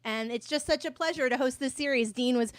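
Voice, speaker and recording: A woman's voice: high-pitched, brisk, no room sound, clean studio sound. A woman hosting a live online show, chatting in an upbeat way with many fillers. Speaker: host. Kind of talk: casual livestream chat.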